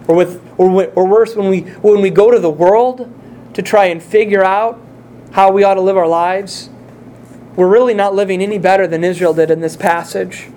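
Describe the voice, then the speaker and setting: A man's voice: high voice, darkish tone, slight background noise. A male pastor preaching a sermon, speaking earnestly and putting direct questions to his congregation.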